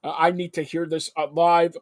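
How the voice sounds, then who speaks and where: Excitable host, high voice. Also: male voice, moderate pace, no echo, clean studio sound. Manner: excitable, jumps between topics, bursts into loud exclamations. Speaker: show host. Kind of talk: live sports talk show.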